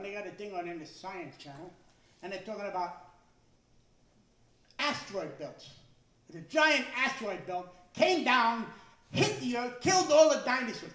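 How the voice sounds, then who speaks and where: A man in his sixties doing a stand-up comedy routine, talking loudly with stammering restarts and shouted punchlines. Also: very high-pitched. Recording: echoey room, voice from some distance.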